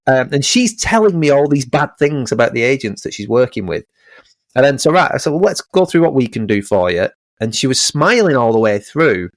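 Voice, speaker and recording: A man's voice: mid-range voice, big pitch swings, a little fast, no room sound. Chatty man, dry close podcast sound. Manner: chatty, lots of ums and restarts, re-enacts clients. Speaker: estate agent, podcast co-host. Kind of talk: casual podcast chat.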